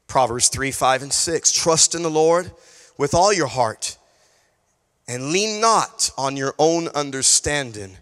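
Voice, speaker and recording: A male pastor preaching a sermon, telling a personal story in an animated way, acting out conversations and repeating key phrases. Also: a little high, a little slow, big-room sound. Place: church sanctuary.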